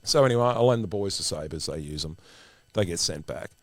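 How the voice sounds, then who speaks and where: An Australian man co-hosting a podcast, telling stories in a casual, animated way and acting out what other people said. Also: deep voice, fairly quick, no room sound. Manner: animated storyteller who acts out other people's lines. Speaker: podcast co-host. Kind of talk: casual storytelling chat.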